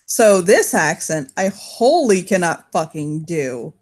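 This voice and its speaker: A woman's voice: fairly low pitch, big pitch swings, takes it slowly. A woman running a tabletop game, narrating in a rambling way with frequent swearing and restarts. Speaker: game master.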